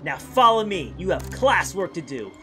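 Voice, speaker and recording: A man's voice: high voice, sing-song, moderate pace, bright, forceful tone, soft background music, voice pushed down, heavily acted. A man voicing a stern, bossy, middle-aged male school principal in game dialogue, brushing off warnings. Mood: scolding. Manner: bossy, dismissive.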